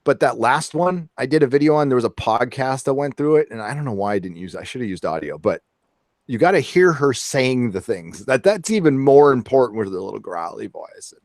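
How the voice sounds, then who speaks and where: A man's voice: medium pitch, animated, fairly quick, darkish tone, dry recording, studio quality. A man who is a podcast guest, talking casually in an earnest, rambling way with many fillers. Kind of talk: casual opinion chat.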